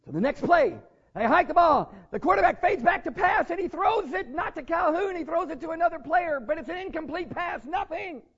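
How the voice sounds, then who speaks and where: A male pastor preaching a sermon with animated storytelling and self-deprecating humor. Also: very high voice, a little fast. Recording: dull lo-fi sermon recording.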